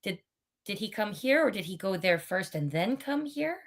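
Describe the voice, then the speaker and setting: A woman playing in a tabletop game, speaking in a measured, questioning way. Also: mid-range voice, sing-song. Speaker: player. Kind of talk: casual tabletop play.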